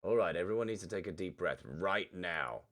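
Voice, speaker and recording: A man's voice: sits low, lively intonation, moderate pace, a bit bright. A man voicing a stern middle-aged father firmly scolding teenagers. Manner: firm, scolding.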